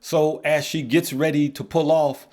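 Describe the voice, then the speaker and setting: A man's voice: a little high, level tone, measured pace, a little mellow. Blunt, joking male vlogger. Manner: blunt, opinionated, joking storyteller. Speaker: investing course host. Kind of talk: casual vlog monologue.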